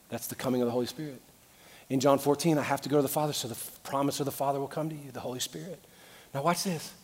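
A pastor preaches with a high voice, out of breath and impassioned. His voice rings through a church sanctuary with long reverb. He swings from loud exclamations to quieter asides. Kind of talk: sermon.

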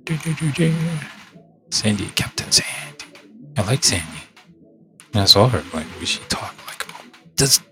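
A man's voice: on the low side, expressive, moderate pace, pauses often, sharp tone, faint music behind. A man talking casually to himself in a vlog, thinking aloud, trailing off and restarting with lots of fillers.

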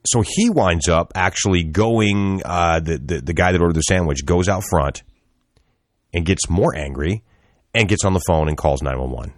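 Casting note: very deep male podcast co-host, rambling storyteller, dry close sound. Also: normal speed, dry recording. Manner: rambling, laughing, acts out quotes. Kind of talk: casual chat, storytelling.

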